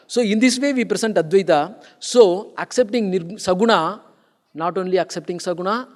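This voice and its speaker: A man giving a conference lecture on philosophy, explaining and stressing points, often repeating and restarting his phrases. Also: high voice. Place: conference hall. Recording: long hall reverb.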